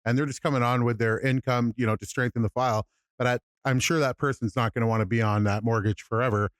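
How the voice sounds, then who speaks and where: Man, podcast co-host, smooth clear voice, relaxed, dry room. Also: medium pitch, fast, dry recording. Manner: relaxed, hedging with "you know". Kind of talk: casual podcast chat.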